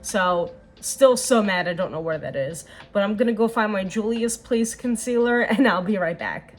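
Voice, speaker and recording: A woman's voice: mid-range voice, normal speed. A young woman vlogger talking earnestly and casually while doing her makeup, rambling with fillers. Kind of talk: casual get-ready-with-me chat.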